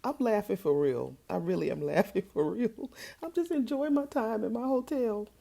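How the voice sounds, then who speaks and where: A woman giving casual, teasing reaction commentary from a hotel room, sassy and quick to laugh. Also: medium pitch, expressive, vocal fry, dark tone. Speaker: reaction video host.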